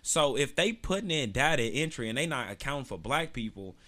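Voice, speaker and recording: A man's voice: mid-range voice, very animated, fairly quick, hardly any pauses, sharp tone. A man hosting his own podcast, ranting casually in a loose, profane, slang-heavy storytelling style. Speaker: podcast host. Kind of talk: casual solo podcast rant.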